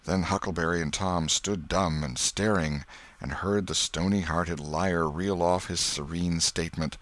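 A man narrating a classic novel as an audiobook with an expressive, dramatic reading. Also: sits low.

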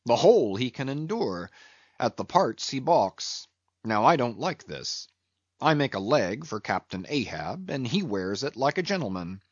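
A man's voice: mid-range voice, sing-song, a little slow, breathy edge, no room sound, highs cut off. Man doing a grumbling fussy ship's carpenter. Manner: hesitant, muttering, grumbling to himself.

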